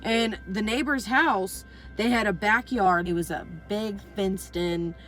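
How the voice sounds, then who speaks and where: A woman's voice: mid-range voice, unhurried, a bit bright, faint music behind, poor audio. Young woman telling a profane, rambling story. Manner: swears freely, rambling with constant fillers. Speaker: vlogger. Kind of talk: casual storytelling.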